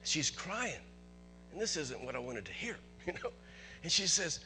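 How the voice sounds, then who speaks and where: A man pastor telling a personal story in a sermon in church, chatty at first and rising to excited preaching. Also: a little high, a little slow, soft background music. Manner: conversational, builds to excited preaching.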